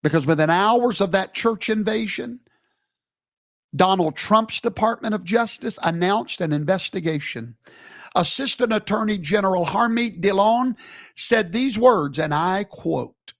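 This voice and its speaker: A man delivering fiery commentary like a sermon. His voice sits high and has a gravelly edge, and it swoops up and down as he fires off rhetorical questions. The sound is dry and close, with no room echo. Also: lively intonation, a little slow. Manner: emphatic, rhetorical questions, sweeping pitch jumps. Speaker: host. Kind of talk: animated preaching-style commentary.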